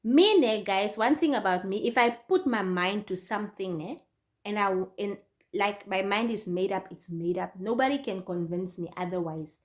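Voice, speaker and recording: A young woman from Namibia with a Namibian accent, telling her own story to her viewers in a casual, animated way. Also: medium pitch, moderate pace. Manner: animated, addresses viewers directly. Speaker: YouTuber.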